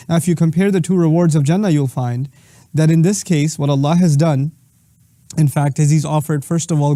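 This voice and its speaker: A man teaching a lecture that explains Quranic Arabic, who recites Arabic verses quickly and then works through everyday examples with emphasis. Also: a little high, warm tone, no room sound.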